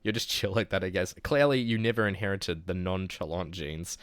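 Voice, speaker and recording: Rambling New Zealand man, smooth voice. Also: deep voice, a little fast, no echo. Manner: rambling, full of filler words. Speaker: streamer. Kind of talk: casual chat storytelling.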